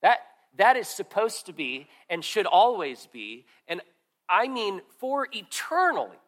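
A middle-aged man preaching a sermon, earnest and conversational, swinging from strong emphasis to quiet asides with frequent restarts. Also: sits high, big pitch swings, unhurried. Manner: earnest, rises and falls in loudness, drops to quiet asides; conversational with restarts and repeated words. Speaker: pastor.

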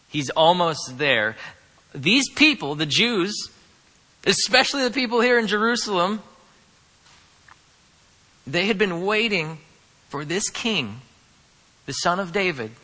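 A man preaching a sermon, moving from quiet, conversational asides to loud, emphatic declarations. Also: medium pitch. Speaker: pastor. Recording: long hall reverb.

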